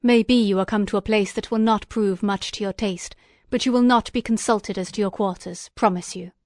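Gruff, rude townsman, read by a woman. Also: medium pitch, steady tone, moderate pace, a little mellow, no echo, clean studio sound, close to an everyday voice. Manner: rough, curt, threatening. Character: gruff hostile Irish townsman, adult male.

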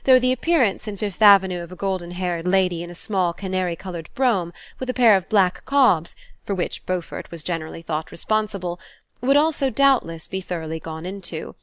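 A woman narrating a classic novel in an even, measured reading. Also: fairly low pitch, clear, resonant tone, dry recording. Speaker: audiobook narrator.

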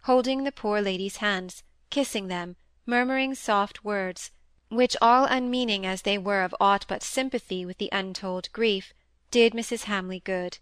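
A woman narrating a classic novel in a measured, even storytelling manner. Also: mid-range voice, smooth, no room sound. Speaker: audiobook reader. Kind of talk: scripted narration.

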